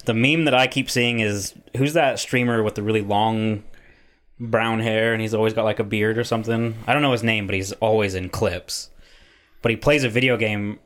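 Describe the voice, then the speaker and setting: A man's voice: lowish voice, steady tone, normal speed, a bit bright. A man co-hosting a podcast, chatting casually, rambling and swearing freely. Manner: rambling, swears often, laughs easily. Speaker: podcast co-host. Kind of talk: casual chat.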